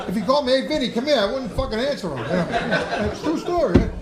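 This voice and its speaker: A middle-aged man with a very high-pitched voice keeps a measured pace in an echoey room. This podcast guest and former boxer tells profane stories live onstage at a club, animated and acting out the figures in them, on a noisy recording.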